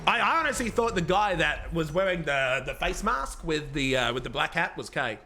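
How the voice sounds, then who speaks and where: A man streaming a police role-play game, talking excitedly and rambling with swearing and frequent restarts. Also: on the high side, moderate pace, a little hiss or hum. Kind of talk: live-streamed gameplay commentary.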